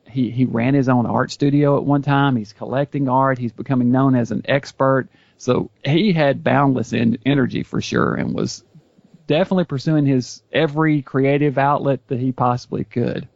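Man with a gravelly, fry-heavy voice; casual podcast chat, enthusiastic and knowledgeable, dull dry recording. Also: mid-range voice, darkish tone, no room sound. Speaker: YouTube series host, guest.

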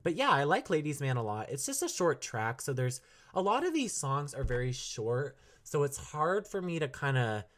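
A young man talks through an album on his solo podcast, loose and chatty, full of fillers and little laughs. His voice sits at an ordinary middle pitch. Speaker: podcast host reviewing an album. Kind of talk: casual solo podcast talk.

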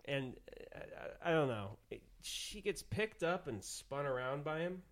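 A young man co-hosting a movie review podcast in a relaxed, rambling casual chat. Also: on the high side, a little slow. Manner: relaxed, rambling, lots of fillers like "like" and "uh".

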